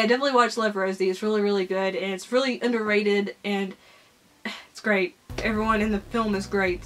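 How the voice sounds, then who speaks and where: A woman's voice: fairly high pitch, a bit bright. A young woman with a Southern American accent, chatting casually and gushing as a vlogger. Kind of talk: casual chat.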